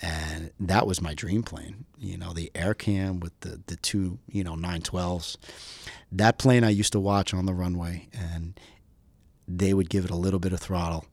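A middle-aged man chats casually as an interview guest. His voice sits low, he rambles with many fillers, and the sound is dry and close. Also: steady tone, unhurried, a little mellow, no echo. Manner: rambling, heavy on "you know" fillers. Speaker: pilot guest.

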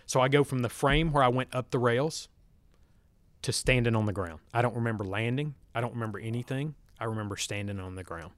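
Brief male guest, lively storyteller, acts out dialogue, dry close studio mic. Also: mid-range voice, fairly quick, no echo. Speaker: podcast guest, former fighter pilot. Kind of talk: storytelling interview.

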